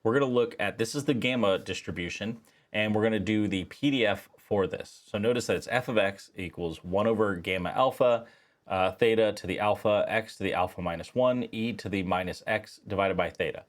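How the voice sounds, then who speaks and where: A low-voiced man gives a screen-recorded software lesson for a statistics class. He talks casually and walks through each click step by step, filling pauses as he goes. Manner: casual, explains step by step with fillers. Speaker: statistics instructor.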